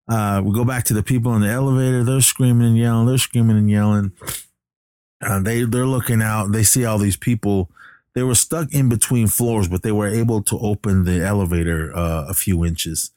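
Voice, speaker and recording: A man's voice: on the low side, fairly quick, a little mellow, dry recording, clean studio sound. A man casually recapping a movie, rambling with many fillers and restarts.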